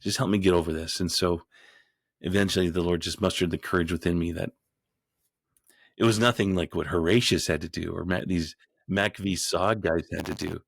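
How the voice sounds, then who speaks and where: A deep-voiced man with a gravelly edge tells his story as a podcast guest. He rambles, doubles back, and restarts his sentences. He gets more animated as the story builds, and the sound is dry with no room around it. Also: moderate pace, no room sound. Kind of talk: storytelling in an interview.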